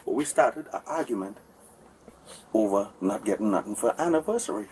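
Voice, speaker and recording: Rambling guy talking fast to the police, distant bodycam audio, faint noise behind. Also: lowish voice, very animated, darkish tone. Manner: rambling, repetitive, keeps asking for agreement. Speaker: man speaking to police. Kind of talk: heated conversation with officers. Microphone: officer's body camera.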